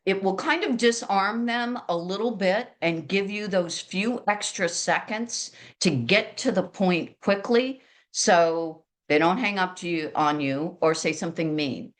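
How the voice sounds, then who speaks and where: A woman real estate agent with a big, loud outdoor voice, giving a lively, chatty sales training talk to colleagues. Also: mid-range voice, measured pace, hardly any pauses. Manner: lively, chatty and self-deprecating.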